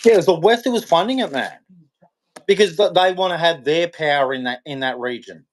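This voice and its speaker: A man hosts a live show from a hot room in Queensland, his voice on the high side and a little fast. His unscripted commentary is heated, rambling and repetitive, and he keeps restarting his sentences.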